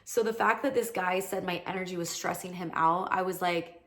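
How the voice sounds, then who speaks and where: A woman's voice: lowish voice, steady tone, moderate pace, a bit bright. A woman in her thirties hosting a podcast, telling a story in a casual, chatty monologue full of "like". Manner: chatty, peppered with "like", acts out quoted lines. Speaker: podcast host.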